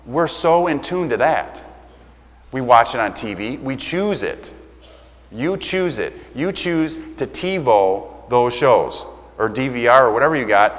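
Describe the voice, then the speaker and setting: A man's voice: mid-range voice, animated, measured pace, a bit bright. A man preaching a sermon as pastor, talking conversationally and acting out quoted exchanges. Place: church. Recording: long church reverb.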